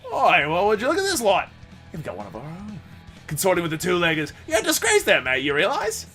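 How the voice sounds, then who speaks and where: A man voicing a sneering, troublemaking dog-man pack leader with a deliberately poor fake British accent. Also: mid-range voice, sing-song, soft background music, voice pushed up, natural voice. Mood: taunting.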